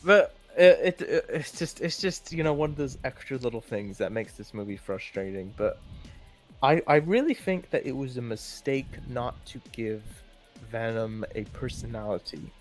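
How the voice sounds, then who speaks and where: A man's voice: medium pitch, expressive, normal speed, soft background music. A man chatting casually and rambling as he ranks films, with many restarts and fillers. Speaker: co-host ranking films. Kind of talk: casual opinionated chat.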